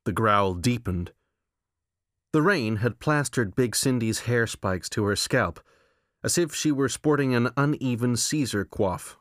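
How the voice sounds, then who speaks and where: Narrating a novel from a script, this man sounds measured, deadpan and wry at a medium pitch. He's recorded in a clean studio with no echo.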